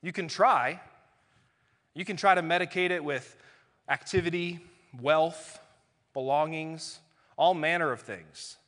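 A man preaching a conversational sermon in a large church hall. His voice is bright and forceful, and it rings with a long reverb off the room. He slips playfully into little acted-out exchanges. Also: fairly high pitch, a little slow, long pauses. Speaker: pastor.

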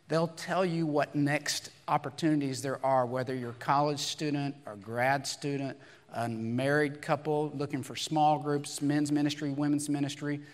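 A hoarse pastor, his voice raspy and a touch higher than most men's, preaching to his congregation in a conversational way. He asks rhetorical questions as he goes, and a long reverb hangs over his words in a big church hall. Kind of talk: sermon. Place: church sanctuary.

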